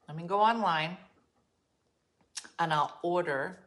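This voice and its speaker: Low-voiced woman chatting live from home. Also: slow pace, fairly bright tone. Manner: chatty, storytelling, exasperated asides. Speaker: livestream host. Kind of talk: casual live chat with viewers. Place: her home, being renovated. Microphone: phone.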